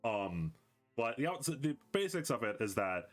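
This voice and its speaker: A man's voice: mid-range voice, very animated, unhurried, soft background music. A man acting as game master, loosely explaining the campaign world in a meandering, conversational way. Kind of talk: explaining a tabletop campaign setting.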